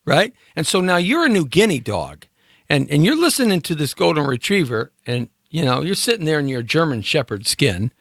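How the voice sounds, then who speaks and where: A man's voice: on the high side, very animated, moderate pace, creaky, fairly bright tone, dry recording, clean studio sound. A man hosting a live talk show in a casual, rambling, playful monologue, speaking directly to his listeners.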